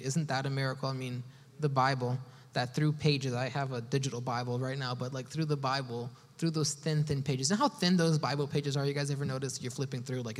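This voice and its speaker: A young adult man preaching a casual sermon to young adults, chatty and conversational, full of "you know" and "man.". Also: medium pitch. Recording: long hall reverb.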